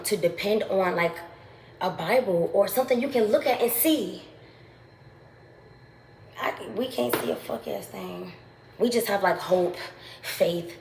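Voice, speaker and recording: A woman's voice: mid-range voice, darkish tone, slight background noise. A woman vlogger giving a casual, profane motivational rant, hammering her points with repeated phrases. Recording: echoey room with faint ambience.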